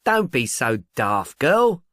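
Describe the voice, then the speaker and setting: Cheeky, hearty young man, raised and loud, played by a male reader. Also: a little high, expressive, moderate pace, no echo, clean studio sound, voice pushed up, natural voice. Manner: cheeky, jokey.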